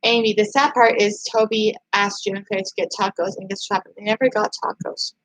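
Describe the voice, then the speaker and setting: A woman hosting a casual livestream, chatting and reading viewer comments aloud. She rambles excitably, restarting her sentences often. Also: mid-range voice, brisk, low-quality recording. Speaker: YouTube channel host.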